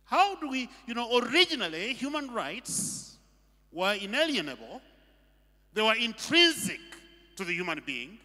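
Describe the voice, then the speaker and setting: A man preaches with a high, brightly ringing voice that swings widely in pitch, pressing his points with rhetorical questions. His sermon carries a long reverb from a church hall. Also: big pitch swings, measured pace, long pauses. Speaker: pastor.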